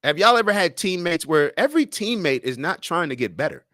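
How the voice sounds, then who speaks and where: A young man hosts a casual livestream, reading out viewer comments and arguing back with sports comparisons. His voice sits a bit high for a man. The sound is dry and close, with no room echo. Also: sing-song, a little fast, fairly bright tone. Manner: conversational, reads viewer comments aloud; argumentative, uses sports comparisons. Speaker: livestream host.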